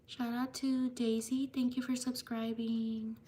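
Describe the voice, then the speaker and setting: A woman hosting a live stream, slowly reading out viewers' names with thanks, at times slipping into a soft whisper. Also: on the high side, little pitch movement, slight background noise. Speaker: livestream host. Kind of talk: live stream shout-outs.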